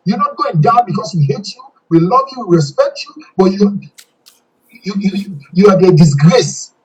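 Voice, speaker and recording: A man's voice: high voice, husky, recorded from a distance, rough recording. A man with a Sierra Leonean accent, giving a fiery interview and repeating himself when angry. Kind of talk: impassioned interview.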